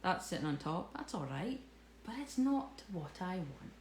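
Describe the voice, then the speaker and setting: A woman's voice: fairly low pitch, very animated, normal speed, a little mellow, slight background noise. A woman teaching cake decorating in a live tutorial, chatty, jokey and self-mocking as she works. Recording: echoey room with faint ambience.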